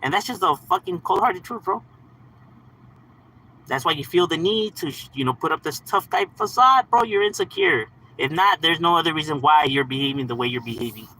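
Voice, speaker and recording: A man's voice: a little high, lively intonation, a little fast, bright, forceful tone, a little hiss or hum, low-quality recording. A man on a casual livestream, talking to his chat in slang and profanity, often saying "bro" and "homie" and laughing as he talks. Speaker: live streamer.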